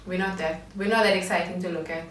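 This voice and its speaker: A woman's voice: lowish voice, steady tone, fast talker. Host, female, chatty and self-aware, roomy distant sound with faint hiss. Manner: laughing, chatty, self-conscious. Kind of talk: casual chat.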